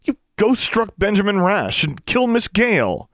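Man voicing a teenage witch girl, indignant, sharp-tongued, higher voice, dry close sound. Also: sing-song, moderate pace, no room sound, full character voice. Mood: cold, distrustful. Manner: sharp, indignant, raising her voice.

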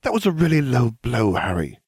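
Hermione, a shrill exasperated schoolgirl witch, put on by a man. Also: huge pitch swings, brisk, darkish tone, slightly rough, no room sound, exaggerated voice. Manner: high strained falsetto. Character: exasperated teenage girl witch, bossy and clever.

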